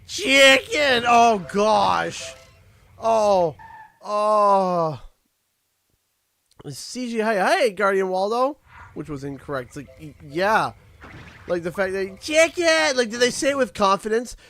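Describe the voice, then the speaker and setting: Slow-talking animated man streaming a game. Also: high-pitched. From Canada. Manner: animated, joking, mock outrage. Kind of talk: casual livestream chat while gaming.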